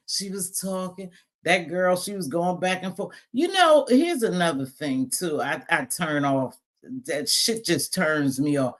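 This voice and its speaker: A woman hosting a casual live chat stream, speaking bluntly and profanely, laughing often and greeting viewers as she talks. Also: low voice. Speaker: livestream host.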